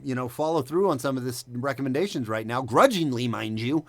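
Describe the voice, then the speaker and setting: A man's voice: medium pitch, fairly quick. A man hosting a casual commentary podcast, sarcastic, reading quotes aloud and stumbling over words. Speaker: podcast host.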